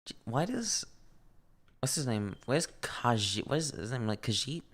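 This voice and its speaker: A man's voice: medium pitch, big pitch swings, moderate pace, a bit bright. A man reading a manga aloud and reacting in casual commentary, laughing often, swearing freely and gushing over cute things.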